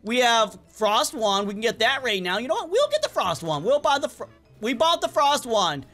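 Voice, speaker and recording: A man giving casual, excitable gameplay commentary as a gaming channel host, often stumbling and repeating words. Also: very high-pitched, moderate pace, faint music behind. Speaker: gaming YouTuber.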